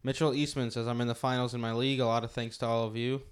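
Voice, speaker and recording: A man's voice: medium pitch, level tone, fast talker, smooth. A young man hosting a podcast, reading out listener questions in a laid-back, casual way. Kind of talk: casual sports chat. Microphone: studio mic.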